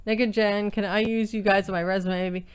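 A woman co-hosting a snack-tasting livestream, relaxed and teasing, reading out viewer chat. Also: medium pitch, brisk, background noise. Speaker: livestream co-host.

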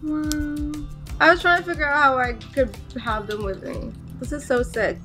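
A woman's voice: high-pitched, steady tone, moderate pace, over music. A woman in her twenties, a bride talking casually to the camera with a tearful, laughing manner. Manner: emotional, laughing, teary. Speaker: bride and vlogger. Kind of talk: casual vlog chat.

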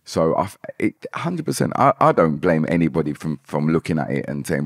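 A man's voice: rumbling low, sing-song, fairly quick, gravelly, hardly any pauses, no room sound, studio quality. A man guest on a podcast, talking emphatically and repeating himself. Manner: emphatic, repeats phrases like "hundred percent". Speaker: musician guest. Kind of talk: podcast conversation.

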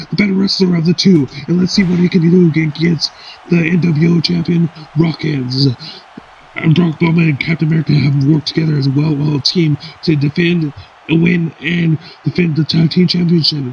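A man giving excitable play-by-play wrestling commentary that breaks into sudden high shouts. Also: moderate pace, gravelly. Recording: dull lo-fi recording with faint hiss.

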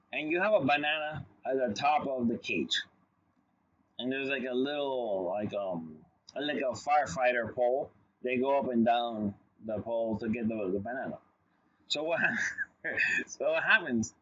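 A man's voice: medium pitch, fairly bright tone, husky, dull audio. A man giving a long lecture in a loose, conversational way, telling stories with asides and frequent restarts. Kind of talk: casual recorded lecture.

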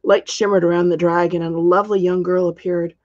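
A woman, the author, reading her storybook aloud in a steady, measured way, in a dull lo-fi recording. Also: on the low side, no echo.

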